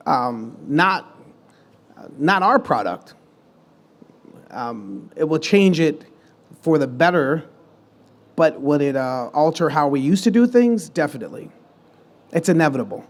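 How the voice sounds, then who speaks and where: A man with a slightly higher voice talks on a live stage in front of an audience. He tells stories loosely, restarting sentences and acting out the voices of the people he quotes with big jumps in energy. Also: slow pace, long pauses. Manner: animated storytelling, acts out quoted dialogue. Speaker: guest musician and producer. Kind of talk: live podcast conversation.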